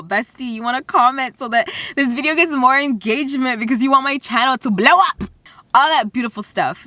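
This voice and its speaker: A young woman chats to camera from inside a parked car, goofy and playful. Her voice is high and bright, and it swoops all over the place. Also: no echo. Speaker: vlogger. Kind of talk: casual chat to camera.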